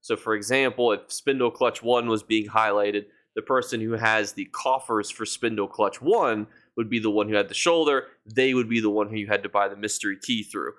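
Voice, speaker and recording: A man's voice: lowish voice, fairly even intonation, moderate pace, hardly any pauses, fairly bright tone. A man giving a game guide as a YouTuber, chatty and enthusiastic, speaking straight to his viewers. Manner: chatty and enthusiastic, addresses viewers as "you guys". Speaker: gaming YouTuber.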